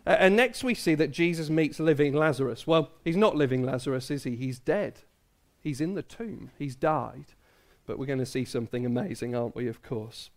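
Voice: medium pitch, moderate pace. A preacher giving a family sermon to children and adults, drawing the listeners in with many tag questions. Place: church service.

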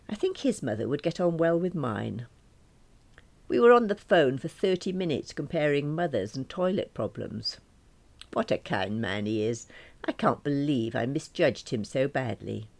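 A woman's voice: rumbling low, a little mellow. A woman reading a first-person novel, chatty and wry, poking fun at herself. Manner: wry, self-deprecating, chatty. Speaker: audiobook narrator.

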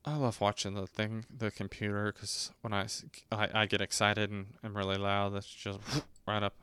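A man in his twenties chatting casually about a movie, rambling and self-mocking, often breaking into squeaky high put-on voices. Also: little pitch movement, normal speed, bright, forceful tone, smooth, no echo. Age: 20s. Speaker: podcast host reviewing a movie.

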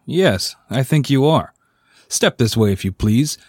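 A man's voice: medium pitch, expressive, unhurried, breathy edge, dry recording, clean studio sound. A man playing an elderly reformed miser, exuberant and generous, in a dramatic story reading. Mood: mock-stern. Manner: exuberant, swooping delivery with mock-stern turns.

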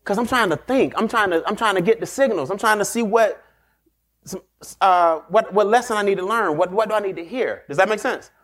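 A man whose voice sits high runs a podcast, handing out animated motivational advice with a street-wise edge. He often laughs and dramatizes quick exchanges.

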